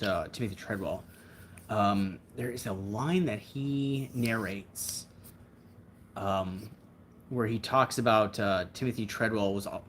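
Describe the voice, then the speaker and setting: Livestream host: a man with a lowish voice, relaxed and rambling, reflective. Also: a little hiss or hum. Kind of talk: casual livestream chat.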